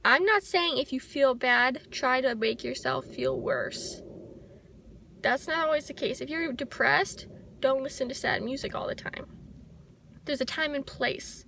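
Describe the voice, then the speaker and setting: High, bright young woman vlogging softly. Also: sing-song, a little slow, gravelly, slight background noise. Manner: soft, heartfelt and reflective. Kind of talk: personal talking-to-camera vlog. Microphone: handheld camera.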